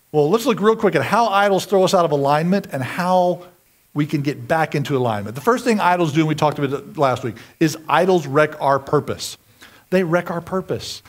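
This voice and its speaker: A man preaching a sermon, animated and self-mocking, with sudden shouted outbursts. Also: a little high. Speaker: pastor.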